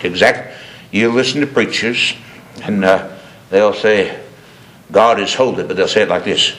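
A man preaching a sermon with passion, repeating phrases for emphasis and climbing from low murmurs to high, ringing cries. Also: moderate pace, long pauses, a bit bright.

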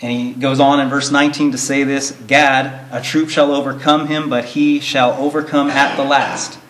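A man of middle pitch teaches a verse-by-verse Bible study, reading old scripture aloud and then explaining it plainly and earnestly. His voice carries a roomy echo around it. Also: little pitch movement, normal speed, a bit bright. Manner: earnest, explains plainly, reads verses in King James wording.

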